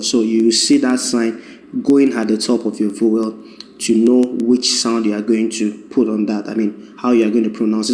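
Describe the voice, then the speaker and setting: A man teaching a language lesson, patiently repeating words slowly for the learner. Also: mid-range voice, a little mellow, reverberant. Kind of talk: video lesson.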